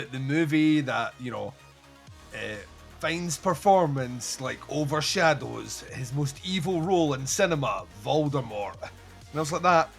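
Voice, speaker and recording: Man, podcast host, casual film chat, sweary, animated, slightly high voice, faint music. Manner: swearing, animated, acts out scenes.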